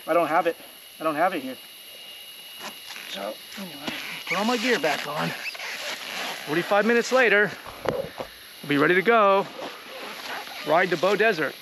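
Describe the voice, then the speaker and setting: A man's voice: high-pitched, noisy background. A Canadian man vlogging outdoors in a rainforest, joking and boastful, rambling in casual chat.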